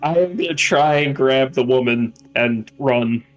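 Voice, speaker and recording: A man's voice: medium pitch, a little slow, highs cut off, faint music behind. A man playing a tabletop horror game, joking and wisecracking in casual chat. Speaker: player.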